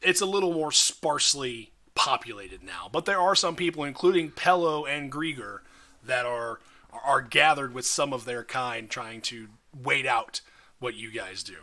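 A man running a tabletop game as dungeon master, narrating in a lively, animated way with many restarts. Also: medium pitch, moderate pace. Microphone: podcast mic, slightly odd audio.

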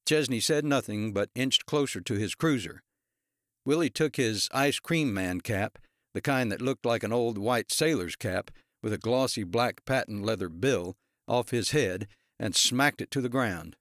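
Steady male audiobook narrator. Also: fairly low pitch, moderate pace, no room sound, studio quality. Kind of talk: scripted narration.

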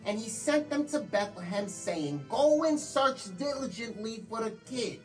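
A woman's voice: on the high side, expressive, a little slow, a little mellow, faint music behind, poor audio. A woman playing a wise man in a comedy church skit, reading scripture aloud with gangster asides. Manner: reads scripture aloud, then slips into gangster talk.

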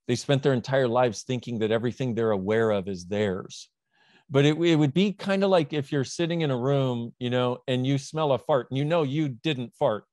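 Male interview guest, lively and emphatic, acts out quick exchanges, slightly high voice, dry close mic. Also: no room sound. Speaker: guest, self-help author. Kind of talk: animated conversational explaining.

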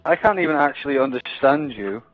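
A man's voice: mid-range voice, animated, a little fast, faint music behind, poor audio. A young man on a gaming headset, chatting casually and mocking others with sarcastic, swear-heavy banter. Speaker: gaming vlogger. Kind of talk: casual party chat.

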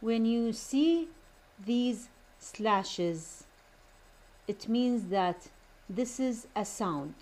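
Woman, English lesson, unhurried drawn-out delivery, repeats each word. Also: on the high side, expressive, a little mellow, low-quality recording. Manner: slow, repeats each word several times; switches to Arabic to explain terms. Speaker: English teacher. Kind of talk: recorded classroom lesson.

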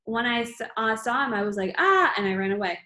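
A small second-grade boy who whines and protests, his voice pitched high, as a woman puts him on. The sound is echoey, as if recorded in a bare room. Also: lively intonation, brisk, bright, forceful tone. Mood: whiny. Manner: whining. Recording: roomy echo.

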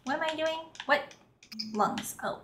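A woman's voice: high-pitched, unhurried, background noise. A woman streaming a video game, chatting casually and grumbling sarcastically, with frequent swearing. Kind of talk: casual live-stream chat while gaming.

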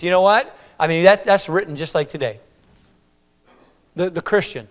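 Pastor guy preaching in a church, high smooth voice, big hall reverb. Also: expressive, moderate pace. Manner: dramatic voicing of a prophet's lament, rising to loud high cries; soft, low prayer voice. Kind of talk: sermon. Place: church sanctuary.

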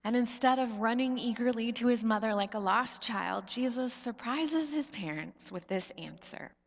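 A woman pastor in her thirties preaching a sermon, slow and reflective, her voice often dropping soft at the ends of phrases. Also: a little high. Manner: slow, reflective storytelling with soft drops in volume. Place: church sanctuary. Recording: long church reverb.

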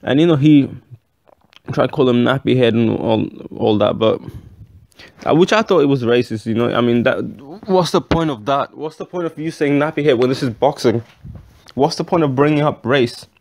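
A man's voice: medium pitch, moderate pace, gravelly, darkish tone. A man giving his opinions in a casual boxing vlog, rambling with many restarts and fillers and swearing bluntly. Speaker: boxing vlogger.

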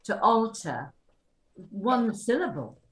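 A woman's voice: mid-range voice, very animated, slow pace, a bit bright. An older woman, a former cast member, chatting through anecdotes with lots of fillers and acted-out quotes. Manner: chatty, full of fillers, acts out quoted dialogue. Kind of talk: anecdotal reminiscing. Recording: roomy echo.

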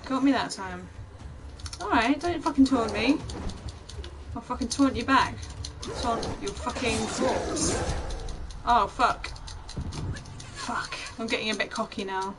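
A woman's voice: fairly high pitch, slow, long pauses, noisy background. A young woman streaming a game, commentating with a lot of swearing and taunting the enemies on screen. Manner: profane, taunting, talking to the game. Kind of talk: gameplay commentary.

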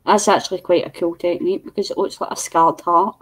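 A woman's voice: fairly low pitch, steady tone, a little fast, poor audio. A woman, guesting on a craft livestream and chatting casually in a rambling way with lots of fillers.

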